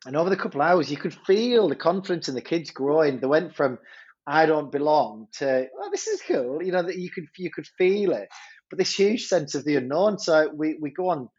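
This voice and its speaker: A head teacher, telling a story in a podcast interview, animated and stumbling over repeated words. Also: male voice, a little high, brisk, slightly rough, lo-fi sound.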